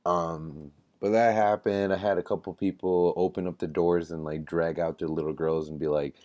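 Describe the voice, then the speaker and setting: Young guy, low dark voice, rambling casual story with lots of ums. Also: steady tone, moderate pace, hardly any pauses. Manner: rambling, filler-heavy, self-correcting. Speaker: vlogger.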